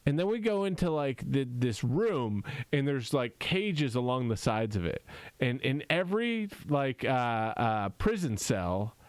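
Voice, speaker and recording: A man telling a rambling story in a casual livestream chat, halting and full of fillers, perking up when he quotes people. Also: mid-range voice, sing-song, no room sound. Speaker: comedy group member on a livestream.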